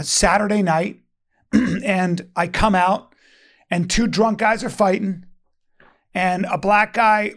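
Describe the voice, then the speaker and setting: A man with a high, gravelly, fairly bright voice chats casually, telling a rambling, profane story full of restarts. He lives in Venice, Los Angeles.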